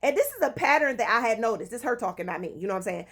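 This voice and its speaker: A young woman talks straight to her followers with a bright, high voice. Her pitch leaps all over as she tells a story in a casual, slangy way and swears freely. The delivery is dramatic and full of emphasis. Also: animated, rapid-fire. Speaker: relationship advice vlogger.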